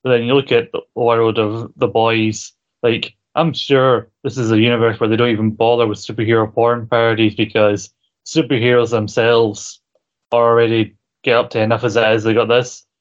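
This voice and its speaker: A man's voice: medium pitch, level tone, normal speed, highs cut off. A man co-hosting a podcast, rambling in casual chat, laughing often and swearing casually. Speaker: podcast co-host. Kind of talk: casual chat about a TV show.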